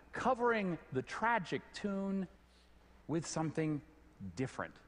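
Animated middle-aged man in a hall. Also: a little high. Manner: animated, stammers on repeated words. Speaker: speaker giving a stage talk. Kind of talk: storytelling stage talk. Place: large hall before an audience. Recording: long hall reverb.

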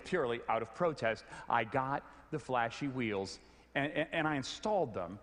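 A middle-aged man giving a storytelling talk on stage, animated, often stumbling over repeated words. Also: medium pitch, normal speed. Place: large hall before an audience. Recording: long hall reverb.

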